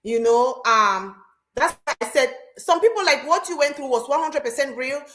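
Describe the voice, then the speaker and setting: A woman with a fairly high voice talks as a show host. She tells her stories animatedly, often repeating phrases for emphasis. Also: moderate pace, a crowd in the background. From Cameroon. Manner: animated storytelling, repeats herself. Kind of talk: casual chat.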